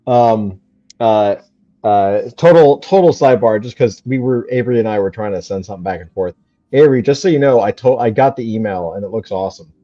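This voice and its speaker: A man's voice: fairly low pitch, warm tone, no echo. A man co-hosting a podcast in casual chat, joking and teasing the others. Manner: joking and teasing, quick to laugh. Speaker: podcast co-host. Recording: dull lo-fi audio.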